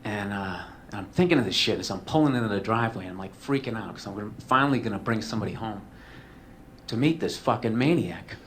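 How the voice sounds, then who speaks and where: A man's voice: lowish voice, animated, fast talker, fairly bright tone, a little hiss or hum. Profane, rambling male comedian telling a story. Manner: profane, rambling, self-mocking. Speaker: comedian guest. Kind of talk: storytelling on a talk show.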